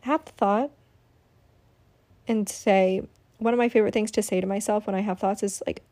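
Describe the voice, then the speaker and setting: A woman's voice: medium pitch, fairly even intonation, normal speed, mellow. A woman giving casual, chatty step-by-step advice on how to meditate, with many fillers. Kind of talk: casual instructional talk.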